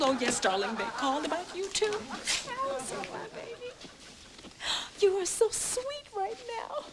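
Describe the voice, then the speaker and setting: Brief: high-voiced, wisecracking single mom with a dramatic streak, over loud hiss. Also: female voice. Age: middle-aged. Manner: sarcastic, theatrical outbursts. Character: sharp-tongued single mother, fed up and dramatic. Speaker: mother of three. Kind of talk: sitcom acting. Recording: loud noisy TV recording.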